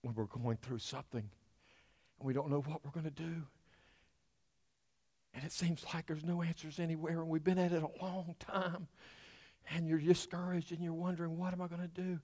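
A man preaching a sermon, moving between loud declaiming and hushed whispers. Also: fairly high pitch, steady tone, moderate pace, long pauses, dry recording, long reverb tail. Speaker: pastor.

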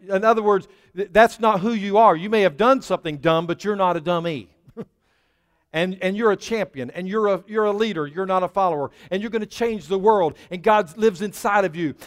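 High-voiced preacher in a reverberant hall. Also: male voice, clean tone. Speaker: pastor. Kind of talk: sermon.

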